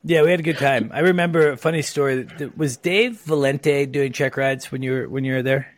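A man hosting a relaxed podcast conversation. He wanders through stories with lots of "uh" and "you know". His voice sits at a middle pitch and is recorded dry and close over a remote call. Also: brisk, dry recording. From Oregon, USA. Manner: chatty, rambling with many fillers. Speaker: podcast host. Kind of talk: casual podcast chat. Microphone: own mic on a remote call.

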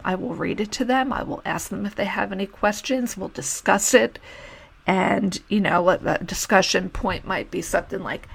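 Woman teacher-podcaster, blunt and conversational, a bit of vocal fry, mid pitch. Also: normal speed. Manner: frank, matter-of-fact, conversational with asides. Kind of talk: solo podcast advice talk.

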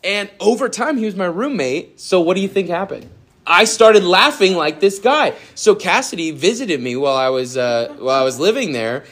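A young adult man giving a youth sermon in a casual, animated way, with many fillers. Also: sits high, normal speed. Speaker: youth pastor.

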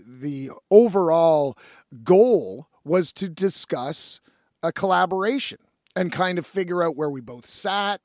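A young man and independent musician telling a story in a casual, animated way, swearing freely and addressing listeners as folks. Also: on the high side, no room sound, clean studio sound.

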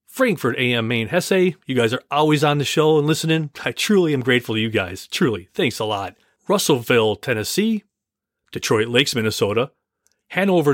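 A man's voice: mid-range voice, no room sound, clean studio sound. A man hosting his own movie podcast, talking casually and gratefully to listeners, often stumbling and correcting himself. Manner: rambling, self-correcting, grateful. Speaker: podcast host. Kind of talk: casual solo podcast talk.

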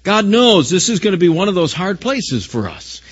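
A man preaching a sermon with a fairly high voice, pressing hard on key phrases and turning to the listeners with questions. The recording sounds dull and lo-fi. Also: very animated, moderate pace, slightly rough. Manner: emphatic preaching, rising loud on key phrases. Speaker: pastor.

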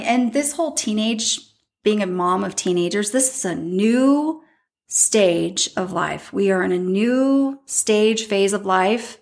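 A woman, hosting a podcast and telling personal stories in a lively way, often laughing and acting out what people said. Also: medium pitch, slow pace. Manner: animated, laughs often, acts out quotes. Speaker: podcast host. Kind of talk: personal storytelling.

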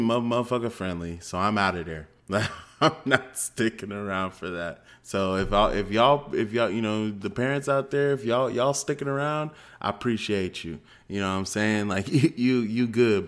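Man host, slightly low voice, animated slangy storyteller, casual podcast chat. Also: moderate pace.

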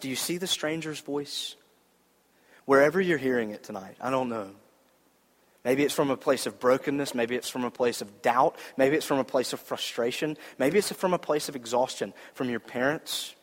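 A man's voice: medium pitch, moderate pace. A man preaching a sermon in an earnest, conversational way, repeating key lines for emphasis. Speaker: pastor. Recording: hall reverb.

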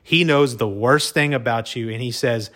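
At a moderate pace and medium pitch, a man recounts a personal story in an easygoing monologue. He's excitable, often stumbling and repeating words, and his speech is dotted with "y'all" and light profanity.

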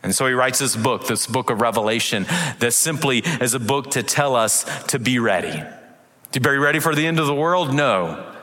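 A man preaching a sermon as pastor, animated, acting out little voices and reading scripture aloud. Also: medium pitch, big-room sound.

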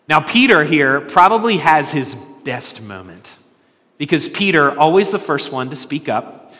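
A pastor preaching a sermon, earnest, asking rhetorical questions and repeating key lines for emphasis. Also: male voice, on the high side, expressive, moderate pace, sharp tone. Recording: long reverb of a large hall.

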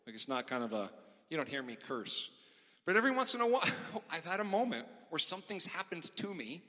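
Animated pastor preaching in a reverberant hall. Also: male voice, fairly high pitch, a little fast. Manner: animated storytelling with big swings in loudness. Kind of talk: sermon. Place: large church hall.

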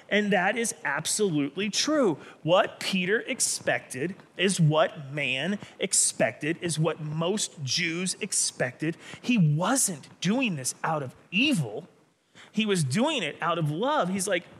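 Forceful, animated male preacher. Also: sits high, takes it slowly, husky. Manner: animated, dramatic preaching with sudden emphatic bursts. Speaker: pastor. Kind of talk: sermon.

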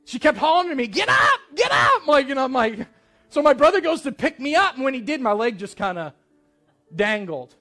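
A man's voice: very high voice, animated, brisk, a bit bright, faint music behind. A man preaching a sermon to his church, telling a personal story in a conversational, earnest way. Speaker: pastor.

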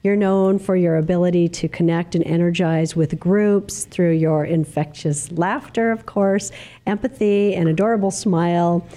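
A woman hosting an interview, speaking in a warmly encouraging, effusive way. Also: fairly low pitch, fairly even intonation, normal speed. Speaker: interview host. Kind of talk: conversational interview.

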